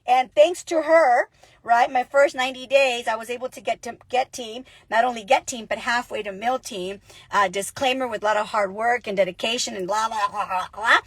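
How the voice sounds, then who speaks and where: A woman giving an energetic, chatty motivational talk as a business coach, telling stories with lots of animation. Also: a little high, moderate pace, no echo. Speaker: network marketing coach. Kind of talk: motivational casual vlog.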